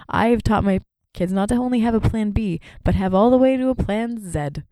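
A woman in her thirties from Canada, telling stories as a guest in casual chat, with quick laughs and voices for the people she quotes. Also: medium pitch, warm tone, dry recording, studio quality.

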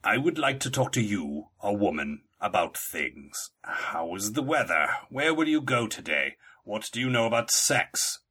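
A man playing an awkward, halting young man in a comedy radio sketch. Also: fairly low pitch, slightly rough, heavily acted. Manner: stiff, halting, deadpan repetition.

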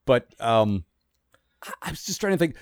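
A man's voice: mid-range voice, sing-song, dry recording, studio quality. A man co-hosting a podcast, chatting casually and rambling with frequent restarts. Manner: rambling, self-interrupting, quick bursts. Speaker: podcast co-host. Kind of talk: casual chat.

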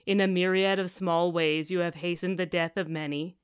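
A woman reading aloud the lines of a calm, rumbling male golem who speaks in a formal, literal, measured way. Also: clear, resonant tone, no echo, clean studio sound, natural voice. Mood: calm, stern.

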